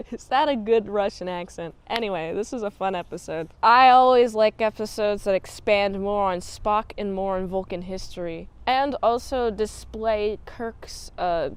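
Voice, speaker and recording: A woman's voice: on the high side, clean tone. A young woman casually recapping and reviewing TV episodes, chatty and giggly, with lots of filler words and restarts.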